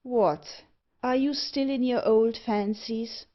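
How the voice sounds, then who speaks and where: A woman voicing a sinister male keeper in an audiobook, calm and measured. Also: a little high, muffled recording. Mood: cold.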